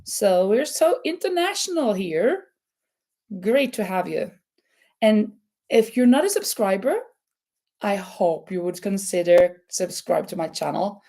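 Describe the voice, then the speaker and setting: A woman from Norway with a Norwegian accent, hosting a casual live crochet chat in a halting way, with many fillers and restarts. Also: mid-range voice, mellow. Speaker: crochet channel host.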